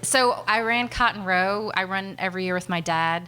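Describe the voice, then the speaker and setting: A middle-aged woman, hosting and interviewing an author at a bookstore event in a chatty, excitable way. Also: medium pitch, smooth. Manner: chatty, excitable, quick to jump in. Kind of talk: casual onstage conversation. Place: bookstore event before an audience.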